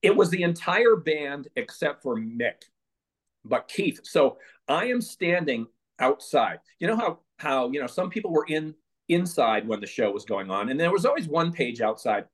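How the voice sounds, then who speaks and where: Animated male storyteller, lively voice. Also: a little high, normal speed. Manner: animated, laughs through stories, acts out quotes. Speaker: podcast guest, former page. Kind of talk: anecdotal storytelling in an interview.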